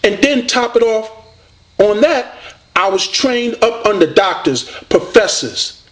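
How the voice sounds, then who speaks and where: A man's voice: high-pitched, lively intonation, measured pace, a bit bright. A man from the United States, delivering a combative, preachy video rant at a rival debater. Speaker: online debater addressing a rival.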